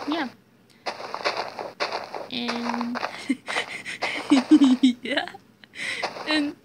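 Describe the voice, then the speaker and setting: Female game host, sore throat, giggly rambling, unhurried, lively sing-song pitch, noisy phone mic. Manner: giggly, rambling, repeats words. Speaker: gaming channel host. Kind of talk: casual let's-play commentary.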